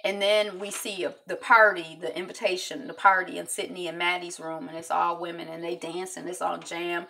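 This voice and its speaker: A woman's voice: lowish voice, level tone, moderate pace, creaky, few pauses, pushed and bright, a little hiss or hum. A woman giving a casual recap of a TV episode, acting out the characters' lines as she retells each scene. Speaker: TV recap reviewer.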